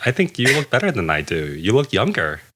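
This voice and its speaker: A man's voice: fairly low pitch, wildly swooping pitch, fairly quick, background noise. A man in his thirties, a guest on a podcast, chatting casually with wry self-mockery and easy swearing. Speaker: podcast guest, product designer.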